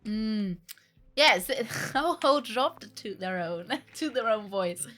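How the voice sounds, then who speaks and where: A young woman chats and jokes while streaming a game from home. Her voice is bright and lively, and she laughs often. Faint music plays in the background. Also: mid-range voice, takes it slowly. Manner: chatty, joking, laughs often. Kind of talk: casual chat while gaming. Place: home room.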